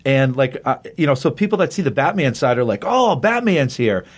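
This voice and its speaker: Male co-host, mid-pitch, eager comic recap, rambling delivery. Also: lively intonation, fast talker. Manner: enthusiastic, rambling with fillers and restarts. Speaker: comic book podcast co-host. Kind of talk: casual chat, recapping a comic.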